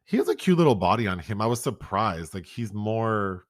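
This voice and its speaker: With a fairly low voice at normal speed, this podcast co-host talks about a film in a relaxed review chat. He's lively, laughing a lot as he performs quoted lines. The sound is clean studio audio with no room sound.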